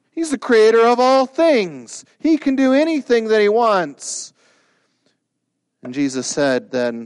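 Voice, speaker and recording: A man preaching a sermon, animated, who acts out the quoted lines with big jumps in his voice. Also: medium pitch, no echo, studio quality. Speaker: pastor.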